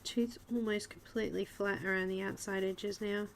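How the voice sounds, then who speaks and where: An Australian woman hosting a live coloring stream, chatting softly as she works and reading viewers' comments aloud. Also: mid-range voice, steady tone, moderate pace, gravelly, a little hiss or hum. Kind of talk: casual live-stream chat while coloring.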